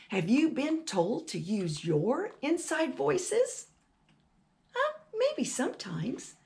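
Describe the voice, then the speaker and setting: A woman hosting a children's storytime, reading a rhyming picture book aloud in an animated way and asking the kids questions. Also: high voice, takes it slowly, creaky.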